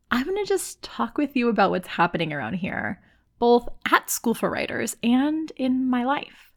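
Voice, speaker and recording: A woman hosting a podcast, talking in a chatty, expressive monologue and calling herself loud. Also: a little high, creaky. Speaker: podcast host.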